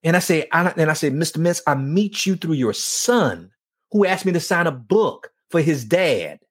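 A man's voice: a little high, big pitch swings, moderate pace, husky. A man hosting a faith talk show, telling an emotional personal testimony and acting out the dialogue in it. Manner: earnest storyteller acting out dialogue. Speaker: show host and men's ministry leader.

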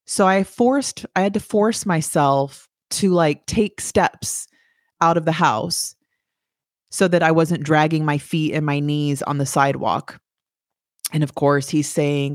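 Woman, 40s, from the US; personal testimony, candid and plain-spoken, low voice, dry sound. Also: measured pace, no room sound. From United States. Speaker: survivor telling her story.

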